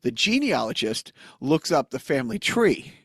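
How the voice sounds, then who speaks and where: Animated man with a speech impediment. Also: medium pitch, moderate pace, husky, no room sound, clean studio sound. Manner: animated, laughs at his own jokes. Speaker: podcast host, comedian. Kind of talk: casual podcast chat.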